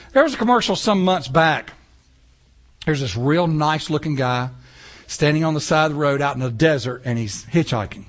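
In a church sanctuary, a pastor preaches from the pulpit in a voice that runs high for a man. His delivery stays animated, full of rhetorical questions and casual asides to the congregation.

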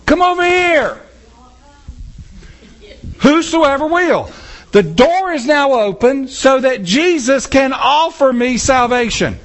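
A man preaching a sermon in church, acting out scenes with a volunteer from the congregation. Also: extremely high pitch. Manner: animated, acts out scenes with a volunteer. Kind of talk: sermon with audience interaction.

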